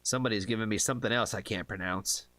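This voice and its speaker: A man's voice: on the low side, fast talker, a crowd in the background. A man from the United States hosting a casual livestream, chatty, laughing often and tripping over hard names. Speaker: livestream reaction host.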